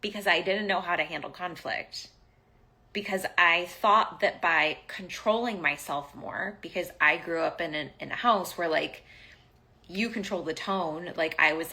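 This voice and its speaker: Woman in her 40s telling her own story, bright tone, kinda low pitch, swears casually. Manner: candid, animated, swears casually. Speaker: podcast host. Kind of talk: personal storytelling.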